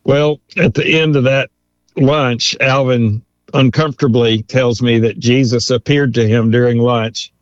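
A man, a lawyer and author, telling animated anecdotes in an interview and chuckling as he goes. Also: medium pitch, measured pace, dry recording. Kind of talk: storytelling interview. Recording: dull, dry sound.

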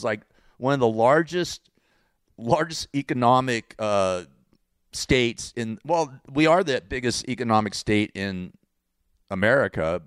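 With a mid-range voice and a Californian accent, a man from California casually mocks politics on camera, looping back on himself and laughing at his own jokes. It's recorded in studio quality, free of echo.

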